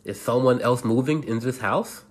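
A man's voice: mid-range voice, moderate pace, natural voice. A man voicing a cheerful, friendly little girl with red boots in a bedtime story.

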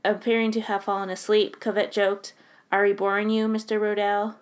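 A woman's voice: mid-range voice, level tone, a little fast. A woman reading trivia aloud in a casual chat, giggling and losing track as she goes.

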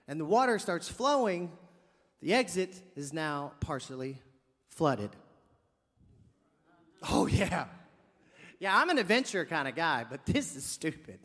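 Preaching a sermon in a fairly high voice with a long reverb tail, a man tells a funny story. He is animated and jokey, acting out plenty of dialogue and tossing in comic asides.

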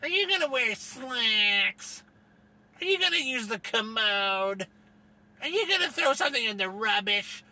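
A man's voice: very high voice, expressive, unhurried, sharp tone, voice pushed up, exaggerated voice. A man mockingly putting on the voice of a snooty, pretentious adult who talks down to people, prissy and sing-song.

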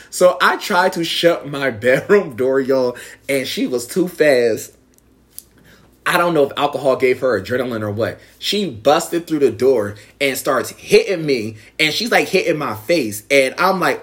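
A man's voice: on the high side, moderate pace. A young man casually telling a personal story to viewers, acting out the quoted lines in a raised voice. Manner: animated, acts out quotes in raised voice.

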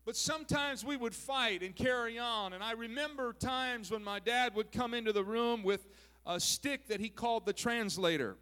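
A man's voice: extremely high pitch, normal speed, sharp tone, clear, resonant tone. A pastor from southern Minnesota preaching a folksy, joking sermon that he peppers with "praise God" and "amen.".

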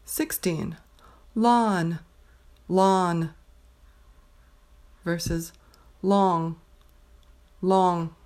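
A woman teaching pronunciation, slowly reading a numbered word list and saying each word twice with careful clarity. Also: fairly low pitch, a little mellow. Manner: says each word twice, clearly and deliberately. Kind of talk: slow dictation of a word list.

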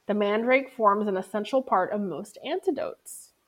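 Speaking in a mid-range voice at a moderate pace, a woman co-hosts a relaxed book podcast. She reads out passages and chimes in with her own remarks along the way.

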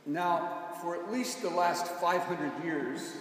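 A man preaching a sermon as pastor, in a measured way, stressing key words. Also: on the high side. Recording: echoey church hall from far off, faint noise.

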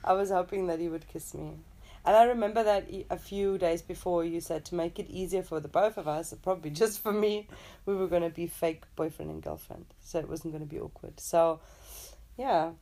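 A woman's voice: lowish voice, fairly quick, mellow. A young woman from Germany, telling a story in casual chat with her partner, laughing often. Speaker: co-host.

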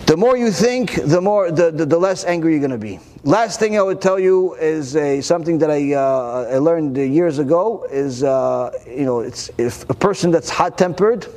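A man giving a Torah lecture to an audience, animated and full of rhetorical questions, often repeating words while he searches for the next one. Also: fairly high pitch, moderate pace, few pauses, in a large hall.

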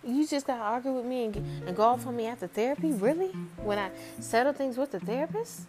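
Young woman, casual exasperated rant to camera, shifts from mocking low impressions to sharp high disbelief, music playing behind. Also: quick pace. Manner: exasperated, mocks her mother in a lower voice, rising disbelief.

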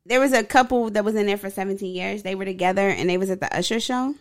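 A woman's voice: mid-range voice, fast talker. A woman co-hosting a podcast in casual chat, blunt and profane, laughing often. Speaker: podcast co-host.

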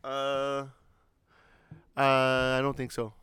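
A man's voice: mid-range voice, monotone, drawn-out words, a bit bright, clear, resonant tone, no room sound. A young man co-hosting a podcast, telling a story in casual chat and acting out the screams and quotes. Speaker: podcast co-host.

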